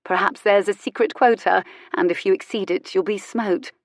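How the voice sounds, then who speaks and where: A woman narrating a historical romance audiobook in a measured, expressive way. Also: medium pitch, no room sound, studio quality. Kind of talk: scripted narration.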